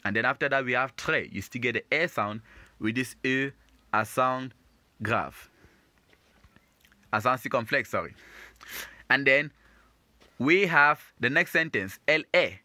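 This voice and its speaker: A man's voice: mid-range voice, a little slow, long pauses, bright, forceful tone, no room sound. A man teaching beginners, patiently repeating and explaining each phrase in a lesson. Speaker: French teacher.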